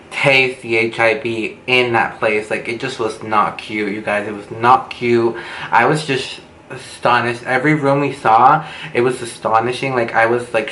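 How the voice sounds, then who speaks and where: Pushed and bright, this medium-pitched male voice belongs to a young beauty vlogger giving a dramatic, gossipy storytime with lots of profanity. He's recording casually at home on a camera mic, in a roomy space with faint background noise.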